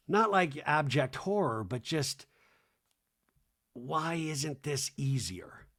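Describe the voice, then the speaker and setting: A man hosting a podcast, chatting casually and animatedly as he recaps a reality show. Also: medium pitch. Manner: animated, chatty, quick to act out quotes. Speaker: podcast host.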